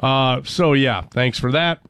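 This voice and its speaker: A man's voice: mid-range voice, measured pace, a bit bright, clear, resonant tone, no echo. A man hosting a talk radio show, rambling sarcastically with many fillers. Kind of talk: casual talk radio banter.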